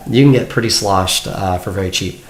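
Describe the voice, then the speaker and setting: A man's voice: sits low, brisk. A young man from Canada chatting casually as a vlogger in his apartment, laid-back and full of "like". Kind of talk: casual chat. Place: apartment room. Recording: echoey room, faint noise.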